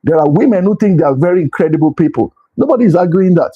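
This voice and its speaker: A man's voice: a little high, animated, quick pace, slightly rough, muffled recording. A man giving a motivational leadership talk, earnest and repetitive, sometimes pleading with his listeners. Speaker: leadership speaker.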